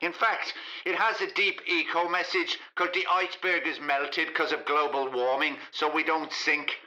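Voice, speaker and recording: A man's voice: on the high side, steady tone, moderate pace, pushed and bright, low-quality recording. A man doing a comic impression of a movie star who talks in a put-on Irish accent, blunt and swearing, heard as a phone-in guest. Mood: cheeky. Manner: swearing, blunt, pleased with himself.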